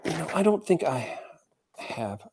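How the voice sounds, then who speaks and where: Halting man giving a dharma talk. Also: fairly high pitch, very animated, a little mellow, a little hiss or hum. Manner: halting, many "uh" fillers, reads quotations aloud. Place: zen center meditation hall.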